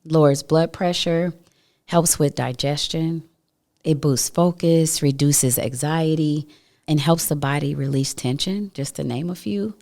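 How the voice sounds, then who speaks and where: A middle-aged woman from the United States talks as a podcast guest, with a voice that sits a little low. She tells her stories in an animated way and slips into the voices of the people in them. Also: a little slow. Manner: animated storyteller who acts out quoted voices. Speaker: guest, breathing educator. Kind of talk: conversational storytelling.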